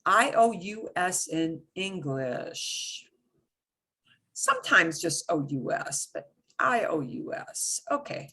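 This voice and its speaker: A woman teaching a beginners' Spanish class, explaining with emphatic, animated bursts. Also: slow pace, slightly rough. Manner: animated, emphatic explaining with sudden high exclamations. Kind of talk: live classroom lesson.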